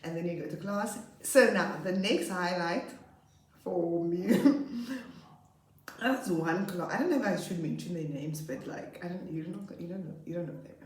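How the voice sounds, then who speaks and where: A grade 2 teacher tells classroom stories in a casual vlog, speaking at a normal pace. She's animated, laughs often, and imitates her pupils with high voices. The recording has a roomy echo, and she sits slightly far from the mic.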